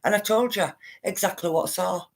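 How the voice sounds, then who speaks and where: A woman's voice: mid-range voice, a little fast, slightly rough. A woman hosting a casual livestream, chatting to her viewers in a rambling way and reading their comments aloud. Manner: chatty, rambling, addresses viewers as guys and love.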